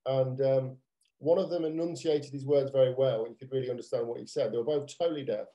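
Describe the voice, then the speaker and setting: A British man co-hosts a podcast, rambling through casual chat with plenty of restarts and fillers. His mid-range voice holds a steady tone and a dark color, moving at a quick pace. The recording is rough.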